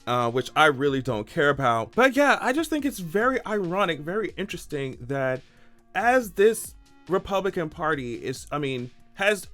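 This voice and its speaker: High-voiced sarcastic male vlogger. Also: normal speed, faint music behind. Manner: sarcastic, animated, profane. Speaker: commentary vlogger. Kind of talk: casual political commentary.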